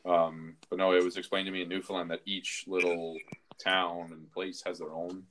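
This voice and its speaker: A man's voice: low-pitched, little pitch movement, normal speed, a bit bright, slight background noise. A Canadian man hosting a casual podcast, rambling through stories with filler words. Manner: rambling, many fillers and restarts, chuckles. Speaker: podcast host. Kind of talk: casual chat.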